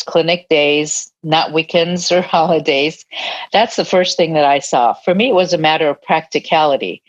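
A deep-voiced older woman, a retired army nurse, looks back on her life in an interview, earnest and reflective, with a soft laugh from time to time. The recording has a dull, lo-fi quality.

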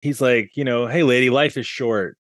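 A man's voice: medium pitch, steady tone, normal speed, dry recording, studio quality. A man hosting a casual movie podcast, talking in a rambling way and laughing as he speaks. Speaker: podcast host.

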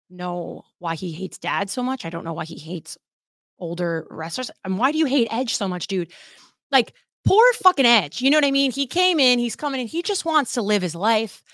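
Woman podcast host, bright forceful tone, dry close sound, chatty and profane. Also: lowish voice, no room sound. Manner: animated, chatty, swears freely. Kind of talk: casual podcast monologue.

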